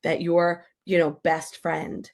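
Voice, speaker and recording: Emphatic woman with a gravelly edge. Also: on the low side, slow pace. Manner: animated, emphatic, acts out quoted voices. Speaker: grief expert guest. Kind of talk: podcast interview.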